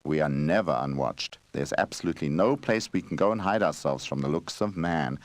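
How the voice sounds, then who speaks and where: A man voicing an old wandering bear who speaks loudly and earnestly in a storybook game. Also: very deep voice, expressive, fairly quick, no echo. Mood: urgent. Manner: loud, urgent speech.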